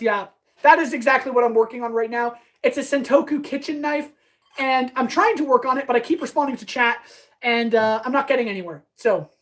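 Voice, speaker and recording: A woman blacksmith chatting fast and eagerly with her live-stream audience while she works in her workshop. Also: high voice, poor audio. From Canada. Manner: chatty, talks fast, answers chat eagerly. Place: workshop with power tools.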